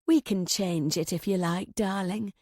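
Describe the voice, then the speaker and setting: A woman voicing an older aunt who talks in a soft, cooing, motherly way. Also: lowish voice, unhurried, husky, no echo, clean studio sound.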